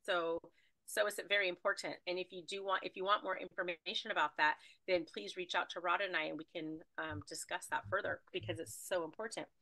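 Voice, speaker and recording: A woman energy healer talking casually and animatedly, rambling with fillers as she guides a spiritual clearing. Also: on the low side, fairly even intonation, fairly quick, bright, forceful tone, dry recording, rough recording. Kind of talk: casual spiritual healing talk.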